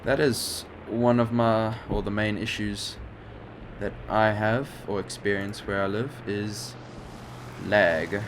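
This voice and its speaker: A man's voice: lowish voice, steady tone, slow pace. A young man giving hesitant, rambling commentary over his flight game footage, with many fillers. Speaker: gaming channel host. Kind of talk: gameplay commentary. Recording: background game noise.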